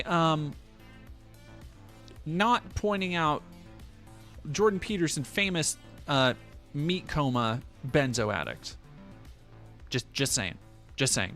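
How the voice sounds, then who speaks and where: A man's voice: fairly high pitch, fairly bright tone. A man streaming, reading a news article aloud and breaking off with profane, sarcastic comments.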